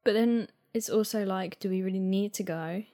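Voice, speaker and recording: A woman's voice: medium pitch, moderate pace, mellow. A woman co-hosting a podcast, chatting casually and using "like" a lot. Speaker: podcast co-host. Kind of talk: casual chat.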